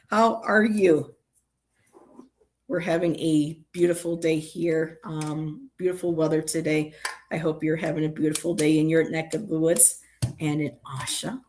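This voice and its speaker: A woman's voice: low-pitched, flat delivery, normal speed, dark tone, slight background noise. A middle-aged woman hosting a casual livestream, chatting and reading out chat messages with many ums.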